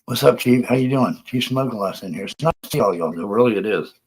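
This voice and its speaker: Profane, rambling low-voiced man. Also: expressive, fairly quick, husky. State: out of breath. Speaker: livestream host. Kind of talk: casual live-stream rant.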